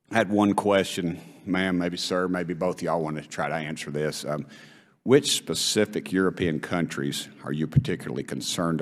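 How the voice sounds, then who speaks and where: A middle-aged man with an East Tennessee Southern accent, speaking as a congressman at a hearing in a folksy, rambling, heartfelt way. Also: very deep voice. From Knoxville, Tennessee. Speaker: congressman questioning witnesses. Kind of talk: hearing testimony, folksy storytelling. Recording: long reverb of a hearing room.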